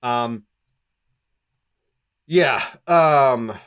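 A man's voice: medium pitch, extremely slow, a bit bright, smooth. A man co-hosting a podcast, recapping a novel in a sarcastic, rambling, profane way. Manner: sarcastic, rambling, with many fillers. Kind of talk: casual, profane book-recap chat.

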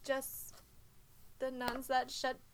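A woman's voice: high-pitched, monotone, slow, slight background noise. A woman co-hosting a casual chat, earnestly talking through her views with lots of "like" and "um". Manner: earnest, explaining, with fillers. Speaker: podcast co-host.

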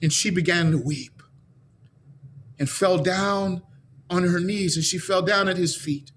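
A man with a notably high voice delivers a sermon as a story, earnest and deliberate. He slows down to stress key phrases and builds toward fervent declarations of faith. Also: fairly even intonation, a bit bright, slight background noise. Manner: earnest, slowing for emphasis, rising into fervent declarations. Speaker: preacher.

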